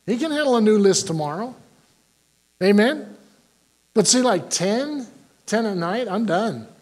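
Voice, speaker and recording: An older male pastor preaches in a folksy, joking way, tossing questions out to his congregation. His voice sits fairly high for a man. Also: lively intonation, unhurried, a little mellow. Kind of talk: sermon.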